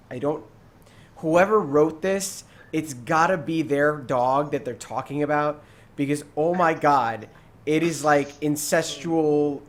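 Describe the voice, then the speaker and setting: A man co-hosting a gaming podcast, chatting casually with animated, jokey energy and free swearing. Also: medium pitch. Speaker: podcast co-host.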